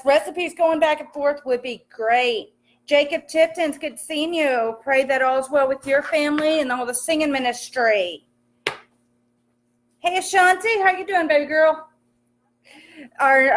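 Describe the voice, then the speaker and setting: Chatty high-voiced young woman on a livestream. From American countryside. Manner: chatty and upbeat, greets commenters warmly by name, laughs often. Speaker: livestream host cooking while reading comments. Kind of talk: casual chatty livestream while cooking. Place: home kitchen. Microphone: phone camera.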